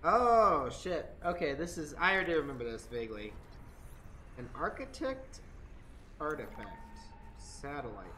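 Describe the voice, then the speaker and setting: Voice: medium pitch, sing-song, unhurried, fairly bright tone, a little hiss or hum. A streamer giving casual, chatty commentary over a game, swearing often and joking. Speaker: gaming streamer.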